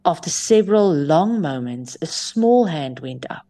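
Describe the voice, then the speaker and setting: Slow, low-voiced woman preaching. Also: animated. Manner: switches between English and Afrikaans phrases; soft, drops to near whisper at times. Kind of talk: sermon storytelling.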